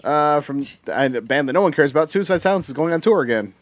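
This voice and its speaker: A man's voice: a little high, expressive, quick pace. A man co-hosting a casual podcast, reading out music news in a rambling way with lots of fillers and swearing.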